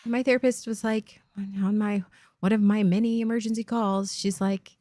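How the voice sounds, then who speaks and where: A woman's voice: medium pitch, level tone, normal speed, dark tone, slight background noise. A woman in her forties hosting a stream, talking candidly and at length in rambling sentences with frequent swearing. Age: 40s. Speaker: streamer host. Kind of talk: casual candid chat.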